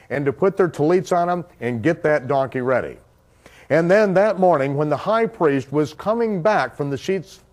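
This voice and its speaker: A man with a notably high voice retells scripture as a vivid, dramatic story. His delivery builds in intensity and stays loose and conversational, with fillers along the way. He has the manner of a Bible teacher giving a sermon. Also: a little mellow.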